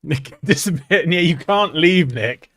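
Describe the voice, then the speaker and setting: A man's voice: fairly high pitch, lively intonation, a little slow, a bit bright. A British man hosting a livestream, chatting casually and joking, often laughing. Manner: jokey, laughs a lot, drifts into silly accents. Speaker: livestream host.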